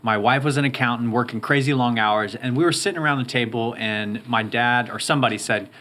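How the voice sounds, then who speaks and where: A roofing company owner in his thirties is a guest in an interview, telling his story with upbeat eagerness. His medium-pitched voice is brisk, pushed and bright.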